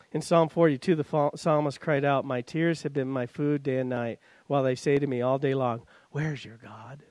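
Male pastor delivering a sermon with a high voice, close and dry on the mic, moving between raised preaching and quiet pleading. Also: dry recording. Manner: swings from loud, high preaching to hushed, slow pleading.

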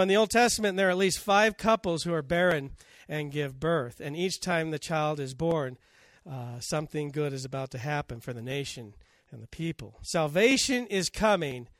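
A man's voice: high voice, fairly bright tone, no room sound, studio quality. A man preaching a sermon, telling scripture stories and acting out the quotes. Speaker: pastor.

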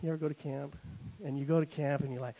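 A pastor preaching a sermon, swinging between loud emphasis and quiet asides, and paraphrasing scripture in a wry, conversational way. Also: male voice, on the high side, steady tone, fast talker, low-quality recording.

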